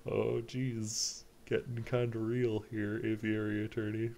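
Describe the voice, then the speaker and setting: A man with a low, gravelly voice chats casually while streaming a game. He blurts quick reactions and the odd curse between reading the story aloud. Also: flat delivery, a little mellow, a little hiss or hum. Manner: blurts reactions and mild swearing. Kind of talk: casual let's-play commentary.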